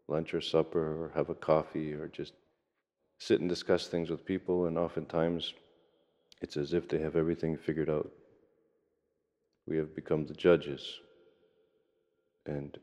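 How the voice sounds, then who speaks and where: A very deep, dark-toned man preaches a sermon as a monastic priest, keeping his pitch almost level and slowing down to stress key phrases. His voice carries a long church reverb, and the recording sounds dull and lo-fi.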